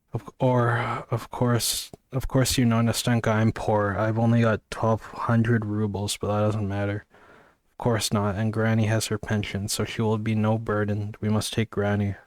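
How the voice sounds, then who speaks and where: A man's voice: lowish voice, a little mellow, no echo, studio quality. A man casually reading a novel aloud, sleepy and yawning, stumbling over words and apologizing. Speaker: amateur reader.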